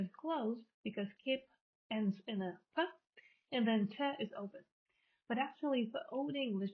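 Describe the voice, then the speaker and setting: Female lecturer, patient explainer who restates each term; narrow phone-like recording. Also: medium pitch. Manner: explanatory, repeats and rephrases terms. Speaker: linguistics lecturer. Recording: tinny phone-like audio.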